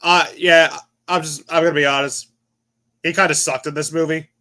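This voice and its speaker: A man's voice: on the high side, steady tone, moderate pace, sharp tone. A tired man giving a casual movie review on a panel, rambling and restarting his sentences. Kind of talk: casual chat.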